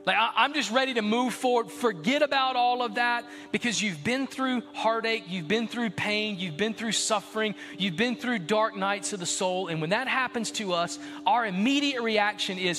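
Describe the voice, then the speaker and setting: High-energy preacher man, bright voice. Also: normal speed, big-room sound, soft background music. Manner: energetic, exhorting, shifts from shouting to hushed storytelling. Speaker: pastor. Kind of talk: sermon.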